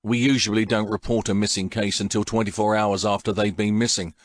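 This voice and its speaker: A man's voice: lowish voice, fairly even intonation, brisk, dry recording, clean studio sound, close to an everyday voice. A man voicing a businesslike police officer in an audiobook, asking questions in a matter-of-fact way.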